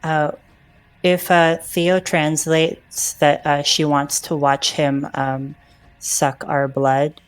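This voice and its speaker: A woman's voice: low-pitched, little pitch movement, slow, clear, resonant tone. A woman playing in a live tabletop game, hesitant with fillers but gleeful about violent plans. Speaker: player.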